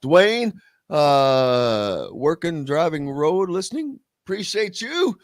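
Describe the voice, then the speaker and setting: Animated chatty sports radio host. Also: male voice, on the high side, takes it slowly, no room sound. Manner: chatty and animated, reads listener comments aloud. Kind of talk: casual sports talk radio.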